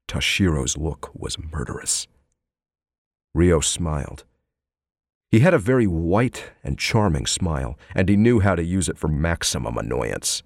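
A man narrates an audiobook in a measured storytelling manner. His voice sits very low yet moves with a lively melody. It is recorded close on a studio mic with a dry, dead sound. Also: vocal fry, dry recording. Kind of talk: scripted narration.

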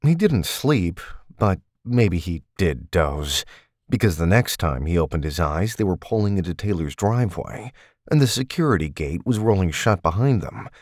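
Deep voiced guy reading a novel, lively inflection, close mic. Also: moderate pace, no echo. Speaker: audiobook narrator. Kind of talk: scripted novel narration.

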